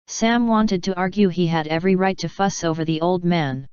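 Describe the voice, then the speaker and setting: A woman narrating a fan story in a steady audiobook reading. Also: fairly low pitch, moderate pace, smooth, no echo, muffled recording. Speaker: fanfiction reader.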